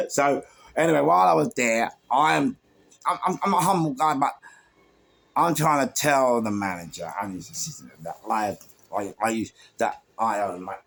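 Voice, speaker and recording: Casting note: London man, low gravelly husky voice, rambling anecdotal storyteller. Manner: rambling, many restarts and fillers, animated asides. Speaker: podcast guest storyteller. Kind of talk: casual storytelling.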